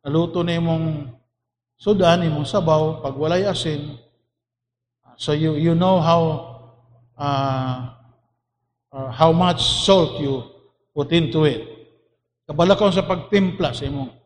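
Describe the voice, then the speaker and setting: A man preaches at an unhurried pace, hammering each point home by saying it again. His voice sits high for a man and rings out with a long reverb tail, as if in a large hall. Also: slight background noise. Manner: emphatic, repeats key phrases, mixes in Cebuano. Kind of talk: sermon.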